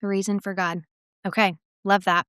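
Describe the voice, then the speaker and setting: A woman co-hosts a podcast, asking questions and cheering her guest on with quick affirmations. Her voice is mid-pitched and clear, recorded close and dry. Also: little pitch movement, fairly bright tone, no room sound. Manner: supportive, many short affirmations. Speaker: podcast co-host. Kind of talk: casual interview conversation.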